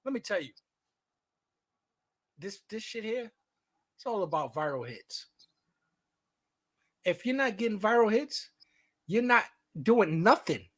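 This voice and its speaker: A man with a Brooklyn accent co-hosting a podcast in casual chat, profane, with loud outbursts and drawn-out emphasis. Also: high-pitched, animated. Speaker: podcast co-host.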